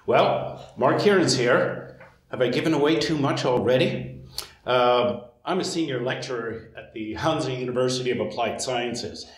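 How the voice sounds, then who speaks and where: A man's voice: medium pitch, moderate pace. Chatty middle-aged male lecturer, roomy sound. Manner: friendly, chatty, with frequent "uh" fillers. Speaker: senior lecturer. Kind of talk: informational presentation to prospective students.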